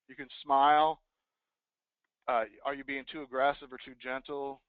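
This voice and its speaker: A man giving an energetic motivational sales talk to real estate agents, acting out sample phone scripts. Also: fairly high pitch, fairly quick, no echo. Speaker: real estate team leader and speaker. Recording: dry, phone-like thin sound.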